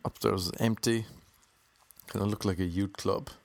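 An Irish man with a fairly low voice tells a rambling, comic story from his travels, loose and jokey in tone. He keeps it casual and chatty, popping into quick mock voices along the way. The sound is dry and close, with no room in it. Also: fairly even intonation, creaky, no echo. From Ireland.

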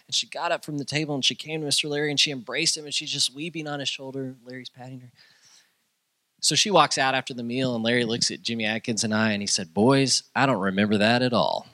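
Man, preacher, sermon storytelling, forceful tone, dry recording. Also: steady tone, quick pace, no room sound. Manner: storytelling, quoting others, dropping low and quiet for emphasis. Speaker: pastor.

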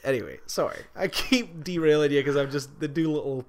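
A man co-hosting a podcast in casual, sweary, animated chat. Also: on the high side, fairly quick. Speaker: podcast co-host.

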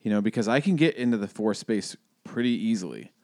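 Reflective man, podcast co-host, lowish voice. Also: expressive, a little fast, a little mellow, dry recording, studio quality. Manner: reflective, rambling with many restarts and fillers. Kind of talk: casual conversational podcast.

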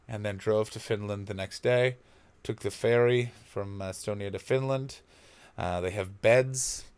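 A man's voice: medium pitch, fairly bright tone, clear, resonant tone. A man from Canada doing a rambling, profane comic monologue as a podcast host.

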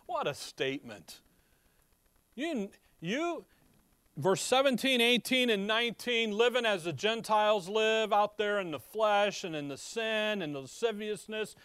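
A man's voice: high voice, lively intonation, unhurried, fairly bright tone, clean tone, no room sound. A man with a slight Chicago accent teaching a Bible sermon, reading verses aloud and asking his listeners rhetorical questions in a conversational way. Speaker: preacher.

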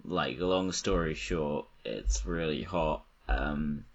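A man's voice: very deep voice, slow, vocal fry, slightly rough, highs cut off. A man in a casual chat, swearing freely and laughing easily.

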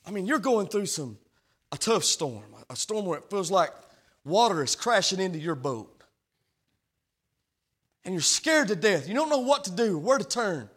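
A male pastor preaching a sermon, swinging from quiet, hushed passages to loud, fervent calls. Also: high-pitched, big pitch swings, normal speed, pauses often. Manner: preaching with big swings from soft to shouting.

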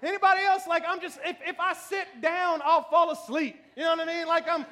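Man in his thirties, pastor, high voice, chatty sermon, laughs at himself. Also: level tone, a little fast, bright, forceful tone. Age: 30s. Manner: conversational, self-deprecating, frequent laughter and "you know what I mean". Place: church.

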